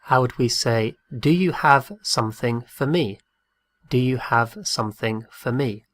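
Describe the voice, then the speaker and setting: A man's voice: medium pitch, a little slow, a bit bright, no echo. A man teaching a Spanish lesson, patiently repeating each phrase and spelling words out letter by letter. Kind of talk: slow drilled language lesson.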